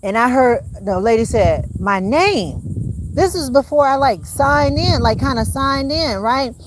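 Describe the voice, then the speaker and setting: A woman's voice: sits high, lively intonation, unhurried, slight background noise. A woman vlogging in a casual monologue, rambling and emphatic, swearing often and calling her viewers y'all. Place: rented home.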